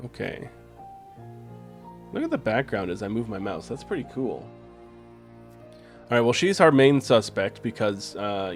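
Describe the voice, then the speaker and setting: Casually swearing male game streamer. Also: fairly low pitch. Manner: swears casually, reads on-screen text aloud.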